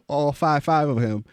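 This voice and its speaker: Swearing young man telling animated stories. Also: dry recording, clean studio sound. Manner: animated, jumps into high exclaimed quotes, swears freely. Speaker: podcast co-host. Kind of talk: casual storytelling.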